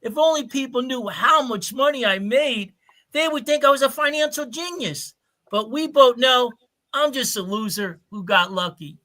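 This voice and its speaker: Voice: high voice, normal speed, pushed and bright. A performer voicing an earnest young man in an amateur radio drama, speaking heartfelt and hesitant. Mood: humble. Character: earnest young man proposing to his sick girlfriend.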